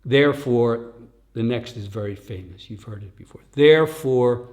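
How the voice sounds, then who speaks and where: An older dharma teacher's lowish, steady voice carries a slow and reflective retreat talk. Now and then he tags a line with "huh?", and at times he sinks into soft asides that are close to a whisper.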